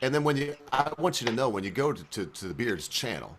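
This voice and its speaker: A man hosting a casual online chat, telling crude jokes and laughing loudly. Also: medium pitch, fast, a little hiss or hum. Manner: loud laughing, lively storytelling. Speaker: host.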